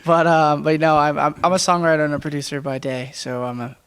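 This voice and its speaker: Man, musician, relaxed backstage chat, gravelly fry in the voice. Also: fairly high pitch, quick pace. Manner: relaxed, laughs easily. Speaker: musician, songwriter and producer. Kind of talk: casual interview. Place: side stage at a concert.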